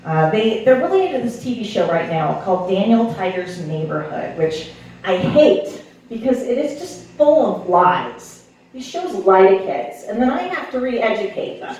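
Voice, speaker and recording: A woman's voice: medium pitch, sing-song, normal speed, a little mellow, a little hiss or hum. Wry woman doing stand-up in an echoey room. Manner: wry, self-deprecating storytelling with playful voices for quotes. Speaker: stand-up comedian. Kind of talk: stand-up comedy set. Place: club stage before a live audience. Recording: echoey room recording, slightly distant.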